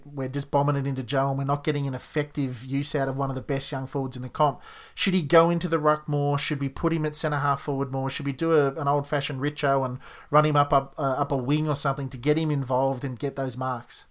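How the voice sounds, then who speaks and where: A man's voice: medium pitch, level tone, fast. A man hosting a radio chat, opinionated and openly worried like a passionate fan. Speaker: radio host.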